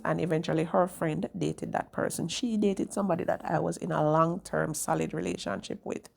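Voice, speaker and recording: A young woman vlogger with a lowish, creaky voice tells her viewers a personal story. She's candid and chatty, often tagging on "right?"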